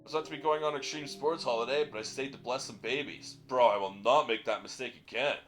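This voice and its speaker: A man's voice: mid-range voice, quick pace, soft background music, natural voice. A man doing a chill surfer priest. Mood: laid-back. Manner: drawling surfer slang. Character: laid-back surfer priest, chill male.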